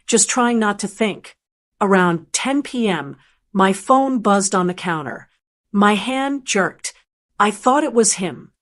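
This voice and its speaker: An older woman narrating a first-person story in a calm, measured, plainspoken way. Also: mid-range voice.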